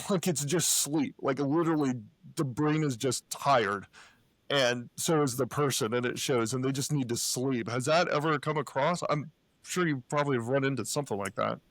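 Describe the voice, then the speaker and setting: A man hosts a podcast in a relaxed, slangy way, with quick laughs as he asks his questions. His voice sits at a middle pitch and is recorded close and dry, with no room sound. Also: dry recording. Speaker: podcast host. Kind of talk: casual interview.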